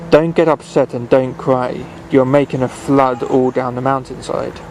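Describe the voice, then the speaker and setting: A man's voice: medium pitch, steady tone, unhurried, background noise, close to an everyday voice. A man reading a storybook aloud and voicing a kindly but firm little man who talks a dragon round. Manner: coaxing, firm. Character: kindly, stern little old herbalist man.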